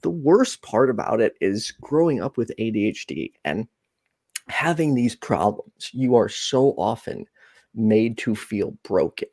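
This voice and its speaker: A man hosts a call-in show, his voice swinging widely and lively as he jokes and reflects on himself. His tone is a little husky, and the recording is dry, with no reverb. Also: on the low side, measured pace. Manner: animated, goofy and openly self-reflective. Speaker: show host. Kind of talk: casual chat on a call-in show.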